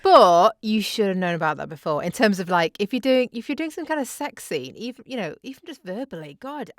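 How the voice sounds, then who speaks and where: A woman's voice: medium pitch, animated, a little fast, no room sound, clean studio sound. A woman co-hosting a podcast, reacting with sympathy and chatting casually. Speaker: podcast co-host. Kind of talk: casual chat.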